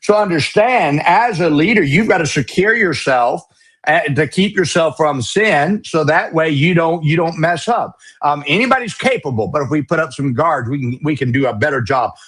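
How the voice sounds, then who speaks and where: A middle-aged male pastor preaches in a forceful, emphatic way, tossing in folksy, mocking asides. His voice sits somewhat high and has a husky edge. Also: animated, normal speed. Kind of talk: preaching a sermon on leadership.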